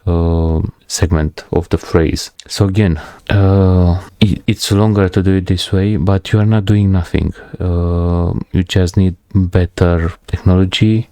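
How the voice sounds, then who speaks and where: A man with a non-native English accent explaining his software, thinking aloud in halting phrases as he clicks through it. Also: deep voice, dry recording. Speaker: software tutorial creator. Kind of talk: screen-recorded software walkthrough.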